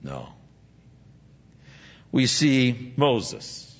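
Animated preacher in a reverberant hall. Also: male voice, mid-range voice, extremely slow. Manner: animated, acts out biblical figures in dialogue. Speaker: pastor. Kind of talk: sermon. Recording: dull sound with long hall reverb.

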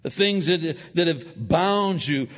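A male pastor preaching a sermon, animated and acting out little voices from his stories. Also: fairly high pitch, takes it slowly. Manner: animated, acts out voices in anecdotes. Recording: dull lo-fi audio with long hall reverb.

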